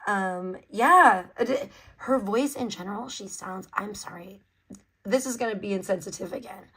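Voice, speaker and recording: A woman's voice: medium pitch, normal speed, fairly bright tone, husky, low-quality recording. A woman hosting a livestream, giving blunt, profane, mocking commentary in a casual ranting style.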